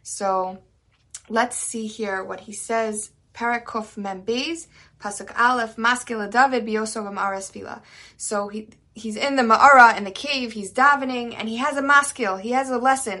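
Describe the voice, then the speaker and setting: A woman's voice: a little high, a bit bright. A woman teaching a weekly class on the Psalms, talking earnestly and conversationally, mixing in Hebrew terms and building emphatic lists. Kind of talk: informal religious lesson.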